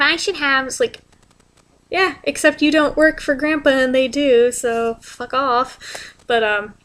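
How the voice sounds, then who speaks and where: A woman's voice: a little high, fairly bright tone. A young woman telling a story in a casual vlog, chatty and exasperated, swearing freely. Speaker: vlogger.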